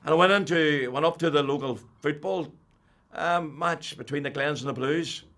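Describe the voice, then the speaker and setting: An older man with a Northern Irish accent, telling his personal faith testimony as an animated storyteller who drops to a hush and then rises loud. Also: fairly high pitch, moderate pace. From Northern Ireland. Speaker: testimony speaker.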